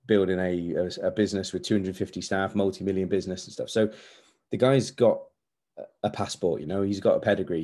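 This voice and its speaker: A man in his forties talks straight to his podcast listeners in a low, dark, mellow voice. He is earnest and candid, and he hammers points home with repeated phrases. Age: 40s. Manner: earnest, candid, repetitive emphasis. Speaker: podcast host. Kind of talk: motivational podcast monologue.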